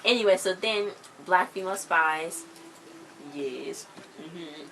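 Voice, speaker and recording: Chatty low-voiced woman recapping a show. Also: takes it slowly, a little hiss or hum, poor audio. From US countryside. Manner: chatty, emphatic, slangy, animated. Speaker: TV episode reviewer. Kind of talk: casual recap vlog.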